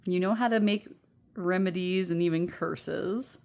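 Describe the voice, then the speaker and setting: A woman's voice: on the low side, unhurried, creaky, a little mellow. A woman in her thirties giving a casual pick-a-card tarot reading at home into earbuds, chatty and rambling, with frequent laughs and fillers. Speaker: tarot reader.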